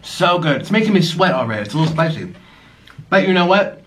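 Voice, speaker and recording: A gushing young man eats on camera and chats, cooing at his pets in baby talk. His voice sits a bit high and leaps up and down. A faint hum runs underneath. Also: very animated, fast talker, a bit bright. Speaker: vlogger. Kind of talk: casual mukbang chat.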